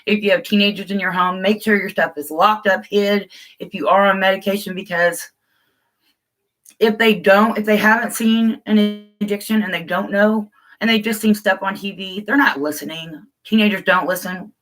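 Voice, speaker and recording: A middle-aged woman hosts a casual livestream, speaking openly and loosely and calling her viewers "guys," sometimes tearing up. Her mid-range voice is a bit bright with fairly even intonation at a normal speed, and the recording is rough.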